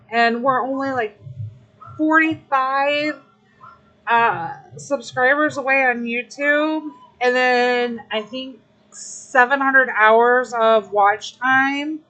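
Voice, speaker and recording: Young woman streamer, emotional and grateful, unhurried casual chat, fairly high voice. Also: fairly even intonation, pushed and bright, rough recording. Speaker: livestreamer.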